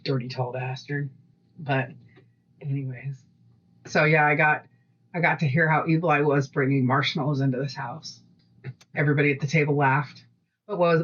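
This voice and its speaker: A woman co-hosting a podcast, chatting casually and rambling through stories with lively quoted voices. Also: a bass voice, husky, lo-fi sound. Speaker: podcast co-host. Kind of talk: casual chat.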